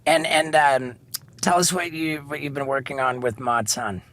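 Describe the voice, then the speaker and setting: Bright-voiced man hosting a podcast. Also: medium pitch, steady tone. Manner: halting, many restarts and fillers. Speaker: podcast host. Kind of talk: casual podcast chat with a read sponsor ad.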